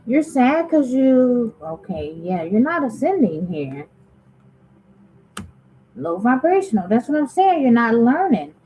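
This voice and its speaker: A woman's voice: fairly high pitch, very animated, measured pace, mellow, slight background noise, low-quality recording. Chatty woman giving a tarot reading. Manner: chatty, talks straight to viewers, muses aloud and asks spirit questions. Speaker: tarot reader. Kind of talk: casual tarot reading to camera.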